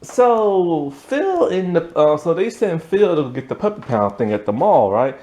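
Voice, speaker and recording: A man casually recapping a TV episode, telling it in an animated way with lots of "like" and "um" and frequent laughter. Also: a little high, measured pace. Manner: animated storytelling, lots of fillers, laughs often. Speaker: TV episode reviewer.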